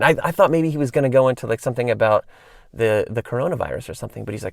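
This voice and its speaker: A man's voice: mid-range voice, fast talker, creaky, a little mellow, no echo, studio quality. A man in his thirties, hosting a solo podcast and telling rambling casual stories full of fillers and tangents. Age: 30s. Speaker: podcast host.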